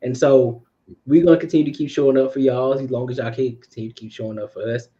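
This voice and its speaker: Friendly young male co-host, relaxed, repetitive sign-offs, mid pitch. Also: fast, highs cut off. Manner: easygoing, friendly, repeats phrases. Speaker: podcast co-host. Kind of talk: casual chat.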